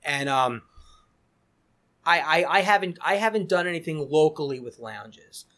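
A man's voice: on the high side, animated, moderate pace, fairly bright tone. A middle-aged man, a cigar company founder chatting as a podcast guest, rambling with many restarts and repeated words. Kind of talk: casual podcast interview.

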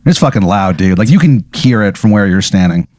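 A man's voice: fairly low pitch, animated, a little fast, darkish tone, no room sound, studio quality. A man narrating an improvised comedic game scene in a casual, profane, rambling way with many fillers. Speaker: game master.

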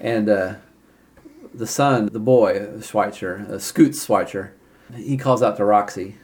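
A man narrating a tabletop game as game master, relaxed and often chuckling. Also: fairly low pitch, slow pace.

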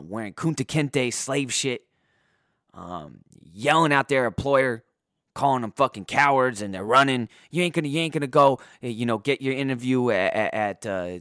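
A man ranting about sports in crude, profane language, his voice going hoarse. He swings between loud outbursts and low muttering. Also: dry recording, clean studio sound. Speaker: sports podcaster. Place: indoors.

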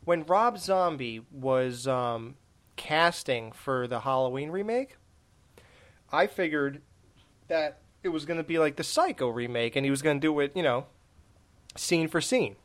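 A man's voice: on the high side, animated, unhurried, fairly bright tone. A man co-hosting a horror podcast, chatting casually and rambling with lots of restarts and laughter. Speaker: podcast co-host. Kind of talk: casual chat.

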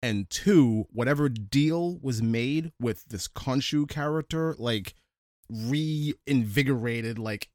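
Soft-spoken man with stumbling restarts. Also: mid-range voice, slow pace, no echo, clean studio sound. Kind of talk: casual chat.

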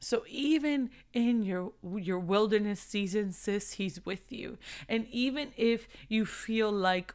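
A woman's voice: mid-range voice, slow pace, hardly any pauses, clean tone. Earnest woman giving a devotional talk. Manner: earnest and repetitive, building in intensity. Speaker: devotional speaker.

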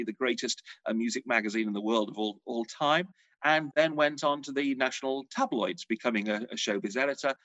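A man's voice: mid-range voice, dry recording, low-quality recording. A middle-aged man, a showbiz journalist telling stories in a casual interview. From England. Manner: chatty storyteller, animated.

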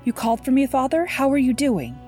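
Young noble daughter, worried and submissive, soft raised voice, faint music bed, read by a woman. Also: high voice, very animated, brisk, pitched above the performer's own voice.

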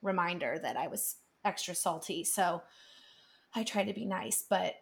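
A woman's voice: lowish voice, a little slow, gravelly. A woman in her thirties or forties, co-hosting a podcast, telling stories in an earnest, rambling way. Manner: earnest, rambling storytelling with restarts. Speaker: podcast co-host. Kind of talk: casual chat.

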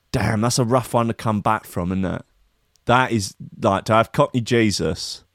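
A man's voice: fairly low pitch, a bit bright, no room sound. Rambling sardonic man, dry sound. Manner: rambling, sardonic, sweary, self-mocking. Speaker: comedian host. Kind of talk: comic news riff.

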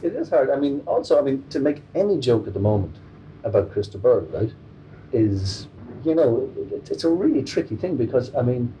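A man's voice: mid-range voice, big pitch swings, normal speed, mellow. An Irish man in his forties, a comedian being interviewed, joking and rambling with many restarts. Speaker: comedian guest. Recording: distant mic with faint noise.

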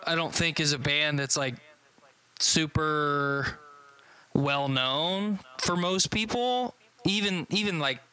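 A man's voice: on the high side, sharp tone, clean tone, poor audio. A man in casual chat, recapping a concert he saw in a loose, rambling way with frequent swearing and restarts.

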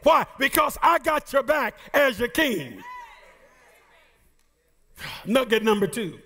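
A man preaching a sermon as pastor, shouting and half singing his lines with playful asides to the congregation. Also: very high voice, sing-song, slow.

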